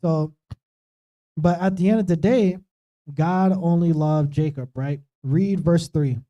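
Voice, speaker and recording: Man teaching scripture, dark mellow voice, chatty, keeps asking "right?". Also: on the high side, steady tone, takes it slowly, muffled recording. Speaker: preacher. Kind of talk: informal Bible study teaching. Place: streamed church talk show.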